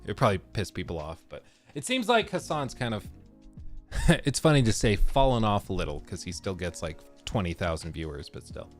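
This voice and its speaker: A man's voice: lowish voice, big pitch swings, normal speed, soft background music. A man hosting a casual live stream from his basement desk, ranting sarcastically and mocking what others say in quoted voices. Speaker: livestream host.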